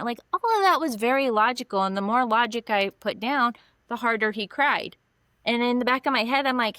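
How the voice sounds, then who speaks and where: A middle-aged woman counselor explaining in a lively conversational way, acting out little dialogues in different voices. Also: a little high, fairly quick, no room sound, studio quality. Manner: animated, acts out dialogue in voices. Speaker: mental health counselor, guest. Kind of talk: conversational explaining with acted examples.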